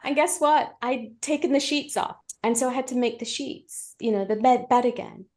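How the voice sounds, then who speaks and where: A middle-aged woman, a guest on a podcast, telling a personal story in a candid, animated way and acting out the things she once said. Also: on the high side, normal speed. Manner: animated, vivid storytelling that acts out her own past words; candid and chatty, talks straight to the listeners.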